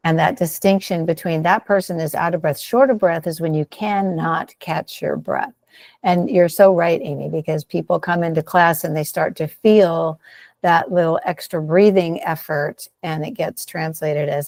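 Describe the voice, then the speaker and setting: A woman's voice: low voice, normal speed, vocal fry, a little mellow, no echo. A woman respiratory therapist co-hosting a health podcast, talking in an upbeat, coaching way. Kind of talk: casual health podcast chat.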